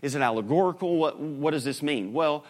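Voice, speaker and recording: A man's voice: on the high side, a little fast. Male pastor, conversational sermon delivery, questions to the congregation, light humor.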